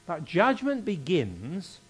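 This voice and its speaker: A male preacher delivering a sermon in a fairly high, very animated voice. He leans hard on repeated phrases and reads scripture with rising emphasis. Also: slow, slightly rough.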